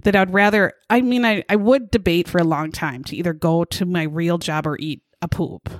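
A woman's voice: fairly low pitch, normal speed, no room sound, clean studio sound. A woman co-hosting a casual podcast, chatty and jokey with crude humor, often laughing as she talks. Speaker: podcast co-host.

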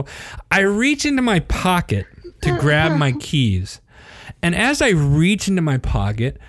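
A man in his thirties co-hosting a podcast, telling a story in casual chat, laughing and acting out quotes in a higher voice. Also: dry recording. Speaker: podcast co-host.

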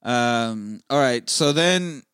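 A man's voice: mid-range voice, expressive, takes it slowly, a bit bright, clean tone, no echo, clean studio sound. A man casually recapping a film as a podcast host, swearing freely and acting out the characters' lines. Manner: profane, acts out characters' lines.

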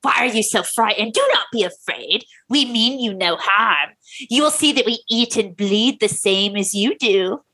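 A woman voicing an eerie, soft-spoken male alien visitor in a strained, gravelly put-on voice, drawing out her words slowly. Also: mid-range voice, no echo. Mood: eerie calm. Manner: slow, drawn-out delivery.

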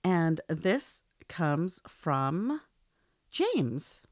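A woman co-hosting a podcast who reads listener emails aloud in a plain, steady way and laughs often. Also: on the low side, very slow, no room sound, studio quality. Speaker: podcast co-host.

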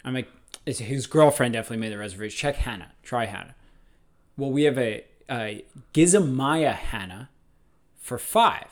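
A man's voice: medium pitch, animated, normal speed. A man from Los Angeles co-hosting a casual chat, telling a long rambling story full of restarts. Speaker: podcast co-host.

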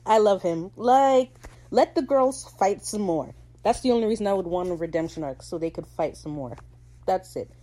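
A woman hosting a podcast, recapping a TV episode in casual, opinionated talk and slipping into quick character voices. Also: medium pitch, dark tone, poor audio. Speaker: podcast host.

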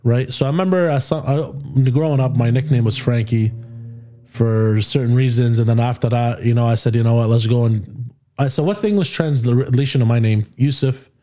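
A young Canadian man hosting a podcast, chatting casually and telling animated stories full of quoted dialogue and slang. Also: mid-range voice, normal speed. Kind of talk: casual storytelling chat.

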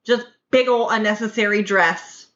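A woman's voice: medium pitch, normal speed, fairly bright tone, dull audio. A woman co-hosting a podcast in casual chat, playful and giggly, teasing her co-host.

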